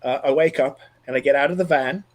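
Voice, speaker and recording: A man's voice: mid-range voice, fast. Earnest Australian man telling a story. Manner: earnest, animated, frequent restarts. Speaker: podcast guest. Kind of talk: reflective storytelling in an interview.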